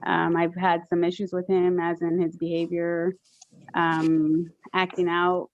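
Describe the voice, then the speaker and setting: A woman testifying as a mother in a courtroom, halting and full of fillers. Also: fairly low pitch, completely flat delivery, lo-fi sound. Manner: hesitant, many fillers. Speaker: witness, respondent mother.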